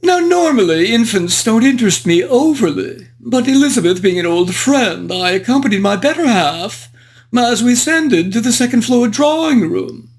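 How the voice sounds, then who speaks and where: A performer voicing a frivolous, foppish English aristocrat gentleman, narrating a book review in character with flowery, old-fashioned, genteel diction. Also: medium pitch, expressive, moderate pace, natural voice.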